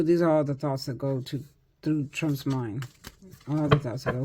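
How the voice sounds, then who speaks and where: A woman's voice: low voice, fairly even intonation, fairly quick, background noise. An older woman giving a casual, chatty psychic tarot reading, repeating herself and laughing often. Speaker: tarot reader.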